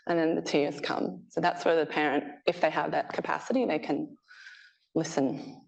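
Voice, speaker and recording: A woman giving a research talk to a live audience. She is chatty and animated and often laughs. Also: sits low, normal speed, vocal fry, rough recording. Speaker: PhD researcher presenting her work. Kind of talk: conference presentation. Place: presentation room with a live audience.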